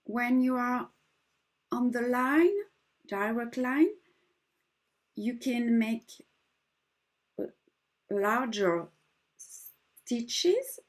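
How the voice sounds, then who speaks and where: A woman's voice: fairly high pitch, drawn-out words, pauses often. A woman with a French accent, speaking English as a second language, patiently walking viewers through an embroidery stitch step by step. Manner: gentle, patient, slightly broken English. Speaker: embroidery teacher. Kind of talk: slow step-by-step craft demonstration.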